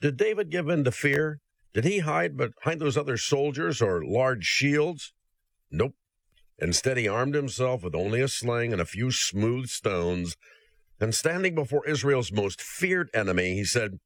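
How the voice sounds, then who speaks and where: A man's voice: mid-range voice, very animated, a little slow, dry recording. A male preacher delivering a sermon, speaking earnestly and directly to the listener.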